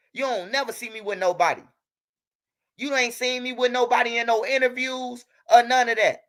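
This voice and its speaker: A man's voice: high-pitched, a bit bright. A young man in a heated, profane rant, repeating himself as he talks straight at a rival. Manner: angry, profane, repetitive, talking straight at a rival. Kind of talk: heated direct-to-camera rant.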